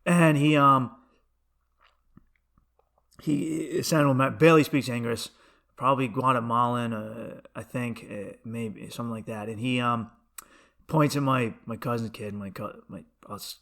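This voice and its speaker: A male comedian tells a rambling story in a casual podcast monologue, often restarting and breaking off into asides. His voice is bright and sharp at a middling pitch. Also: measured pace, gravelly.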